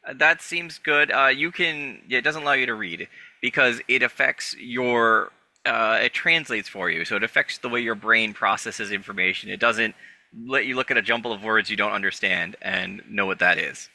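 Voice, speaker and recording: A man running a tabletop game as game master, narrating in a loose, halting way full of fillers. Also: on the low side, bright, forceful tone, no echo.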